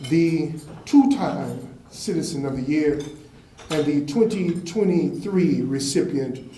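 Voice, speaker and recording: A man's voice: fairly high pitch, slow pace, mellow. Man giving an echoey banquet speech. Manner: emphatic storyteller, repeats phrases to build momentum. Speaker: fraternity member giving an award introduction. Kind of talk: banquet speech with a told parable. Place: indoor banquet hall. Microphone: handheld microphone. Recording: echoey banquet hall, faint background noise.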